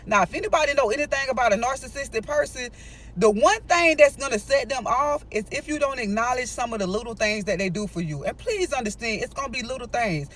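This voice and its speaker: A woman narrating a storytime in a chatty, emphatic way, breaking off to lecture her listeners. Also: on the high side.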